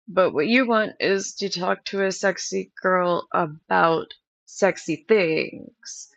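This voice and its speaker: A woman hosts a livestream, chatting casually and candidly with her viewers as she rambles through stories full of fillers. Her mid-range voice is slow and gravelly, with no echo in the recording.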